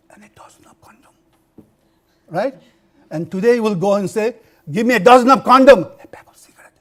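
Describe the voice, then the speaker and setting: An older man from India giving a university lecture on health, telling personal stories in an animated way, with many restarts. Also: a little high. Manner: animated storytelling with frequent laughs and restarts.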